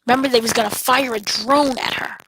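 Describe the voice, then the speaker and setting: A woman co-hosting a casual spoiler recap, retelling scenes in an animated way with playful voices. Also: a little high, a little fast, background noise. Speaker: entertainment editor, co-host.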